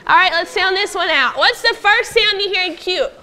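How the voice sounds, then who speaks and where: A woman teaching a phonics lesson to young pupils in a classroom, patiently prompting them and sounding out words slowly. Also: very high-pitched, expressive, sharp tone. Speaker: elementary school teacher.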